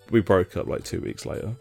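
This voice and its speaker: A British man in his thirties telling a sweary, animated story on a casual podcast, acting out what people said. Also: lowish voice, vocal fry, slightly rough. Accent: British English. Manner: sweary, animated storyteller who acts out quotes.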